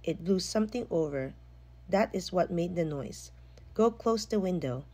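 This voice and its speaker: A woman's voice: lowish voice, animated, moderate pace. A woman voicing an impatient but caring mother in a children's storybook reading. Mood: gentle. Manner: scolding, firm then gentle.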